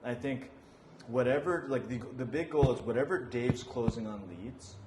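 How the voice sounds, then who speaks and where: A man talking business plans in a relaxed, hesitant way, often restarting his sentences. He is recorded in a roomy, echoing space with a faint hiss of noise behind him. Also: medium pitch, normal speed. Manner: thinking aloud, hesitant. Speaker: marketing partner, co-host. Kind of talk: casual business chat.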